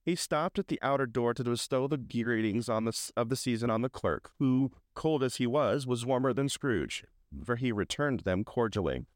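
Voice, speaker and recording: A man's voice: medium pitch, dry recording, clean studio sound. Man reading a classic story. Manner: measured reading with small slips. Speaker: narrator.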